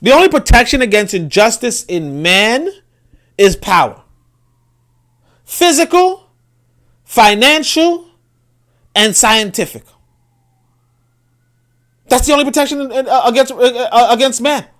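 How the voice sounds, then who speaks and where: High-voiced Brooklyn man, emphatic livestream host. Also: lively intonation, fairly quick, fairly bright tone. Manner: emphatic, repeats words when building a point; reads viewer comments aloud. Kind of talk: casual livestream commentary.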